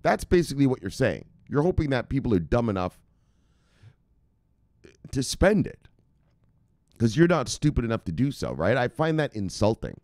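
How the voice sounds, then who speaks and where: A man's voice: mid-range voice, very animated, normal speed, long pauses, darkish tone, dry recording, studio quality. Heated, profane man ranting. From Jamaica. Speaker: crypto news channel host. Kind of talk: casual opinion rant to camera.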